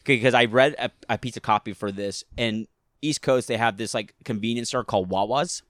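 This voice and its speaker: A man's voice: mid-range voice, fairly quick, a bit bright, dry recording, studio quality. A man hosting a casual chat, telling stories animatedly and slipping into impressions.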